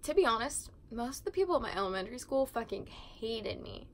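A woman's voice: fairly high pitch, big pitch swings, a little fast, over loud music, rough recording. A teenage girl chatting casually while cleaning her room, sarcastic and swearing freely. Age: teens. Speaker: vlogger.

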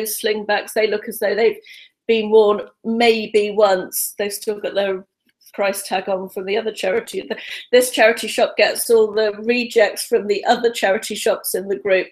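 Nervous chatty woman in her fifties. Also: mid-range voice. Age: 50s. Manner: nervous, rapid, chatty with many ums. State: slightly out of breath. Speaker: vlogger. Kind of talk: casual live-stream haul chat. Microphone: webcam.

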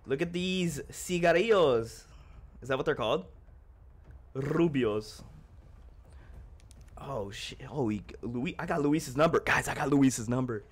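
A young man livestreaming a game in casual chat, excitable and joking as he thanks his chat. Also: medium pitch, measured pace, long pauses, husky.

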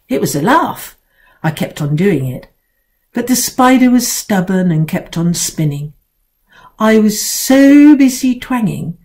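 An older woman who wrote a children's book reads it aloud herself, expressive and playful, in a medium-pitched voice.

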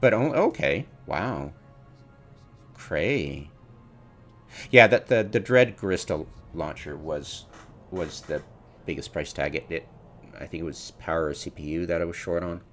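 A man's voice: low voice, a little slow, pauses often, a bit bright, faint music behind. A man commenting on his own gameplay, mocking his mistakes, laughing often and acting out his inner voice. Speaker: gamer streamer.

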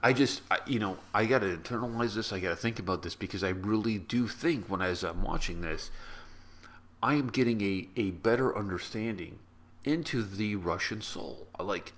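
A man's voice: lowish voice, moderate pace, a bit bright. A man reviewing a film in a rambling, heartfelt vlog monologue. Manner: rambling, heartfelt, many restarts.

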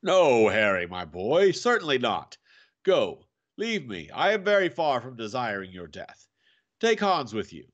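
Man voicing an obstinate elderly professor: animated swings, gentle then menacing. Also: lowish voice, a little slow, dull audio. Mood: vehement. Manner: tender then harsh and menacing. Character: old male professor, stubborn, fiercely determined. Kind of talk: reading a novel aloud.

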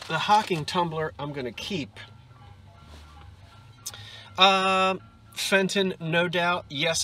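A middle-aged man vlogging his thrift hunting, chatty and quick to exclaim over each find. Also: a little high. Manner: excitable, exclaims over finds, chatty asides. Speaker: antiques and vintage reseller. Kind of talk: casual thrifting vlog. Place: in a car and a thrift store.

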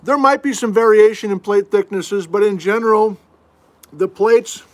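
A man's voice: high voice, moderate pace. A middle-aged man teaching geology in a casual livestream from home, answering viewer questions with folksy, self-deprecating asides. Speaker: geology instructor hosting a livestream. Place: at home, indoors.

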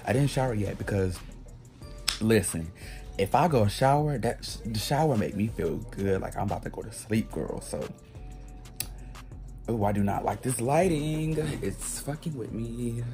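A man's voice: lively intonation, normal speed, long pauses, soft background music. Sassy, tired young man vlogging on a phone. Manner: chatty and sassy, swings into loud high squeals, cusses freely. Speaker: vlogger and grocery cashier. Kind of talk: casual first vlog to camera. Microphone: phone camera held in hand.

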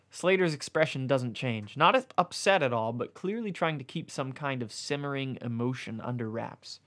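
A man reads a comic erotic story aloud in a mid-pitched voice. His delivery stays mostly deadpan, broken by amused asides when he fumbles a word. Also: brisk, hardly any pauses. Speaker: reader.

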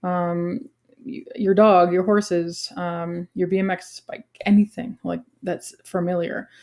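Woman, 40s, teacher, low-pitched voice, casual explaining, lots of ums, restarts herself. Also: takes it slowly. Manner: relaxed, many ums and self-corrections.

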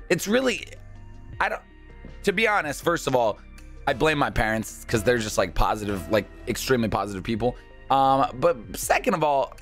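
A man giving live gameplay commentary for his video, excitable and quick to yelp. His pitch swings widely from low mutters to high shouts. Faint music plays behind him. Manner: excitable, jumps from calm chatter to high yelps. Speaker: gaming video host.

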